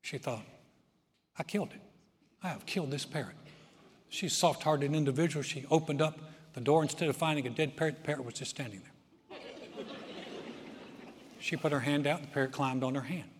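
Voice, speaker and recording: A man's voice: on the high side, fairly even intonation, brisk, slight background noise. A man from the States, preaching with folksy humor and often repeating words as he starts a thought over. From Southern United States. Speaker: pastor. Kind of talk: sermon with humor. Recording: long reverb of a large hall.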